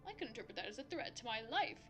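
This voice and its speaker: A woman's voice: a little high, sing-song, rapid-fire, loud music behind the voice. A woman voicing a prim, formal visitor in a put-on accent, stiffly polite and indignant. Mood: prissy indignation. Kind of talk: game voice acting.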